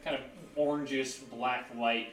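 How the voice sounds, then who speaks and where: A man's voice: medium pitch, a little slow, over music. Roomy far-off male game master. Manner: relaxed, hesitant repeats. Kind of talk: running a tabletop game.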